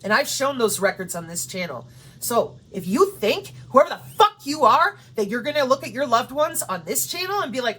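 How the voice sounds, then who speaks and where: Woman host, rants hard at viewers, husky tone, sits a bit high, swears freely. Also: very animated, moderate pace, fairly bright tone. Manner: profane and confrontational. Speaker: channel host. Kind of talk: ranting monologue.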